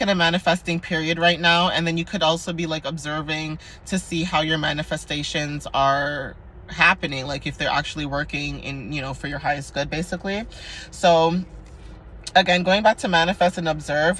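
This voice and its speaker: Young woman, casual oracle reader, bright tone, chatty and sassy, faint room hum behind. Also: fairly low pitch. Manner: chatty, playful and sassy, with frequent laughs. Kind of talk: casual spiritual card reading.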